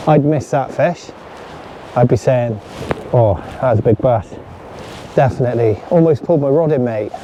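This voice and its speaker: An excitable man with a fairly high voice, talking to a camera set up on the beach. His chat to his viewers is casual and lively. Loud waves and surf roll in the background of the outdoor recording. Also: slight background noise. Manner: chatty, excitable, talks straight to viewers. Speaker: fishing vlogger. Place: outdoors on a sandy shore at low tide.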